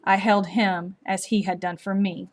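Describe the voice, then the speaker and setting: Woman slowly reading a storybook aloud. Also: medium pitch, level tone, slight background noise. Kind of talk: storybook read-aloud narration.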